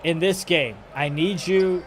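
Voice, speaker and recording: A man calling a live esports basketball game play-by-play, energetic and jokey, rising to shouts on big plays. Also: fairly high pitch, unhurried, a little hiss or hum.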